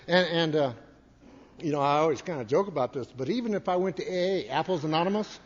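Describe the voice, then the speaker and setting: A man's voice: on the high side, fast talker. A man giving a folksy, rambling talk to a recovery meeting, repeating his words as he tells stories. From Montana. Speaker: AA speaker. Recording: dull recording in a reverberant hall.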